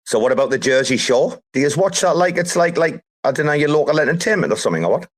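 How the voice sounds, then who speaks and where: A man hosting a casual group chat, talking in an animated, emphatic way and swearing casually. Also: on the high side, quick pace. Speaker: host.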